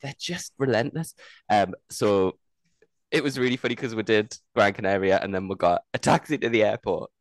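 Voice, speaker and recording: A man's voice: lowish voice, moderate pace, no echo. A man co-hosting a podcast, telling stories in casual chat and laughing often. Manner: chatty storytelling, laughs often. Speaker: podcast co-host.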